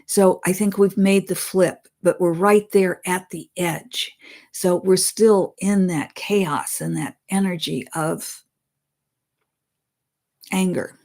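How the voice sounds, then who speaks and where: A woman's voice: on the low side, fairly even intonation, slow, a little mellow. A woman psychic medium who reads channeled messages aloud, then stops to explain them in plain words, talking earnestly to her listeners as friends. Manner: stops to comment and rephrase, laughs at her own slips.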